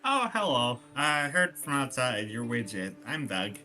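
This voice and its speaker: A man's voice: mid-range voice, sing-song, measured pace, pushed and bright, faint music behind. A man playing a tabletop game in character, talking casually and hesitantly. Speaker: player.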